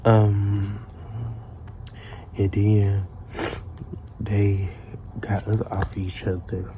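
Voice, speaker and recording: A man's voice: fairly low pitch, level tone, very slow, dark tone, a little hiss or hum. A man telling a casual storytime tale in a profane, rambling way, full of restarts.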